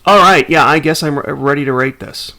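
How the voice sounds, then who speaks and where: A man's voice: on the high side, fairly quick, sharp tone. Male co-host, loose jokey podcast talk, trails off and restarts a lot. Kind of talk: casual chat.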